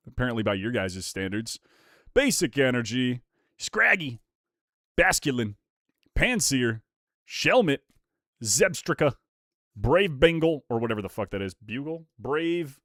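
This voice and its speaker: A young man live-streaming, chatting casually with his viewers while opening trading card packs. He is excitable and animated, swears casually and reads the chat aloud. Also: medium pitch, no echo, studio quality.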